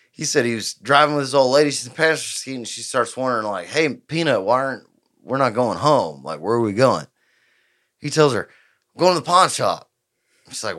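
A man, telling a rowdy story on a podcast and acting out the people in it. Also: mid-range voice. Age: 20s. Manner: profane, animated storyteller acting out quotes. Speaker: podcast host. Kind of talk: casual storytelling chat.

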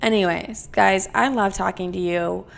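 A young woman hosts a solo podcast, talking in loose, casual chat with a constant stream of swearing. Her voice has a gravelly, creaky fry, and her pitch sits in an ordinary middle range for a woman. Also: normal speed. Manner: brash, heavily profane, chatty and animated. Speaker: podcast host.

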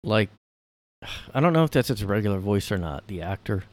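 A man's voice: on the low side, big pitch swings, normal speed. A man hosting a casual solo podcast from his room, rambling and sarcastic, with lots of fillers and the odd swear. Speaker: podcast host.

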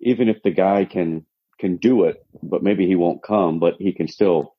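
A man with a very low, husky voice talks openly in a relaxed group chat, often circling back and restarting his thoughts. The sound is dry and a little dull. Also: normal speed, no echo. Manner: frank, rambling with restarts. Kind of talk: casual chat.

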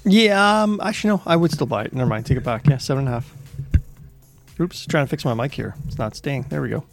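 Gravelly-voiced man hosting a beer podcast. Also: mid-range voice, fast, soft background music. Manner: relaxed, hesitant with many fillers. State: losing his voice. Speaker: podcast host. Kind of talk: casual chat over beer tasting.

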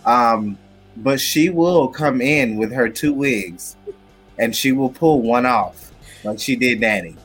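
A man's voice: mid-range voice, slow pace, fairly bright tone, husky, faint music behind. A man co-hosting a casual chat show, talking with sassy, dramatic asides. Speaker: podcast co-host.

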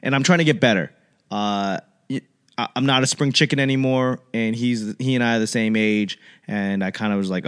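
A man hosting a casual solo chat, rambling and animated, with lots of fillers and restarts. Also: mid-range voice, fairly quick, smooth.

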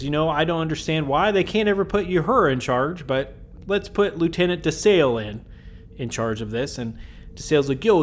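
A man hosting a podcast, recapping an episode in a casual, joking way with rambling asides. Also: mid-range voice. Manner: jokey, rambling asides with chuckles. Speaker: podcast host.

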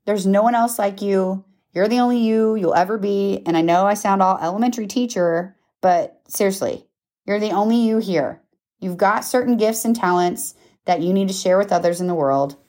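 A woman's voice: medium pitch, normal speed, darkish tone. A woman in her thirties hosting a podcast, giving a casual motivational talk with emphatic check-ins like "okay?" and "right?", laughing at herself now and then. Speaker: podcast host.

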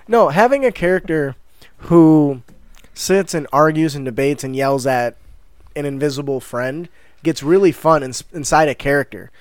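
A man co-hosting a tabletop gaming podcast in casual chat, animated and laughing, slipping into quick character voices. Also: a little high, no echo. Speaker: podcast co-host.

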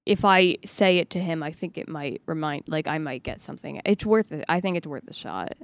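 A woman speaking as a player in a tabletop game, halting, with restarts. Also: low-pitched, expressive, dry recording. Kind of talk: casual role-play.

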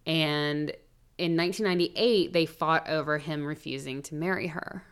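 A woman with a low, clean-toned voice speaks at a normal pace. Co-hosting a podcast, she chats casually through a true-crime case, swears freely, and keeps adding humorous side remarks.

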